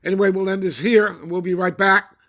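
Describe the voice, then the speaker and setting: A man's voice: high-pitched, steady tone, a bit bright. A man hosting a prophecy channel, reading news reports and scripture aloud and commenting on them. He keeps checking in with his listeners and stops now and then to look things up. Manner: checks in with listeners constantly ("all right?", "okay?"); pauses while looking things up.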